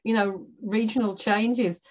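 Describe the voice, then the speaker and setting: A woman with a Northern English accent hosts a casual chat about writing, talking freely and laughing often. Her voice sits at a middling pitch. The audio is dull and lo-fi. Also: steady tone, unhurried, a little mellow. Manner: chatty, laughs often, many restarts. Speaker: host.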